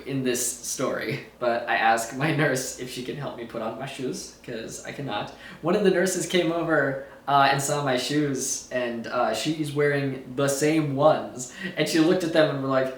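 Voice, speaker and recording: A man's voice: medium pitch, a bit bright, a little hiss or hum. Groggy, rambling man in echoey room. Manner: rambling, giggly, loses his thread. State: sore throat, groggy after surgery. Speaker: vlogger. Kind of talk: casual storytelling vlog. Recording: echoey room, a bit far from mic.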